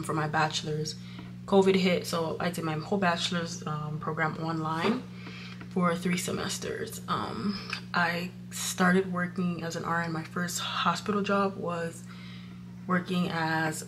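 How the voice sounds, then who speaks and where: A woman's voice: lowish voice, noisy background. A young woman chatting casually in a vlog about starting nursing school, emotional and full of "like" and "you know", indoors by a window. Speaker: vlogger, nurse starting midwifery school.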